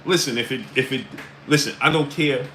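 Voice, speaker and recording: A man's voice: medium pitch, fairly quick, a little hiss or hum, poor audio. A man hosting a casual livestream, greeting chat names and filling his talk with "uh" and "right?". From New York area. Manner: repeats "right?" and "uh" often, shouting out chat names. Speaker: livestream host. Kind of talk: casual live-stream commentary. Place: New York.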